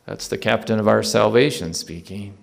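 A man preaching a sermon with emphatic rising appeals, then praying quietly. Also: on the low side, normal speed, creaky. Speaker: pastor. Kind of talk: sermon closing in prayer.

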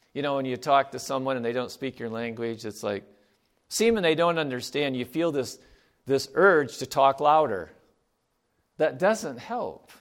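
A man giving a sermon in a conversational way, reading scripture aloud and asking his listeners rhetorical questions. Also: mid-range voice. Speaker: preacher.

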